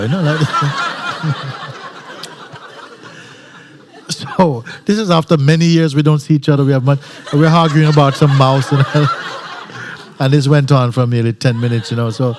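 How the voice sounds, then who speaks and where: A man's voice: fairly high pitch, steady tone, a little slow, long pauses, noisy background. A man, a spiritual teacher, giving an informal talk at a retreat gathering. He tells stories with frequent laughter and restarts, in non-native phrasing. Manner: laughing often while telling a story. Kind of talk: informal satsang talk and storytelling.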